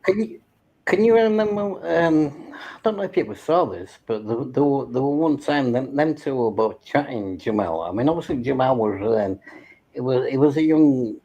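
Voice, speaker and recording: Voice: medium pitch, normal speed, dull audio. A speaker chatting on a stream, telling stories loosely, swearing and laughing often. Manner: swears freely, laughs often, lively storytelling. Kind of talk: casual chat, reminiscing.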